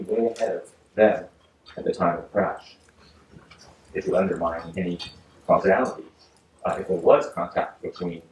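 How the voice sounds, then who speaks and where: A male judge reading a ruling from the bench in a measured, formal way, often pausing with "uh". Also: deep voice, darkish tone, recorded from a distance. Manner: measured, formal legal delivery with frequent uhs. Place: courtroom. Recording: echoey courtroom audio from afar, faint hiss.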